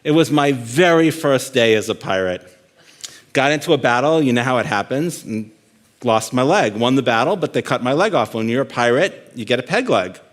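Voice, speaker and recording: A man's voice: mid-range voice, expressive, normal speed, lightly acted. A man voicing an old pirate in a bar, telling his tale matter-of-factly in his own plain voice without any pirate accent. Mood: deadpan boasting. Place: conference stage.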